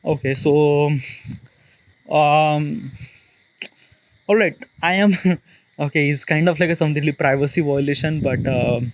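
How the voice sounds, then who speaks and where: A man's voice: on the high side, unhurried, pauses often, no echo. Rambling man with an Indian accent. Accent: Indian, Maharashtra. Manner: rambling, many fillers and restarts. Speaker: vlogger. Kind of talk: casual monologue.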